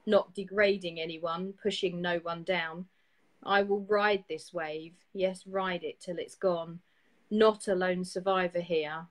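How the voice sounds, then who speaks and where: Female host, lowish voice, steady poem reads, brisk chat. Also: low-quality recording. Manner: steady, even reading with quick laughs in chat. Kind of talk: casual chat and reading poetry aloud.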